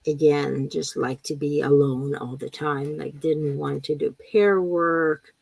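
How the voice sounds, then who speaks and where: A woman speaks slowly in a low, gravelly voice. She runs a live teaching webinar in a relaxed way, often repeating herself and reading out questions from the chat. The sound is dry and close. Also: no echo, low-quality recording. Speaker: ESL teacher trainer. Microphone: computer mic on a video call.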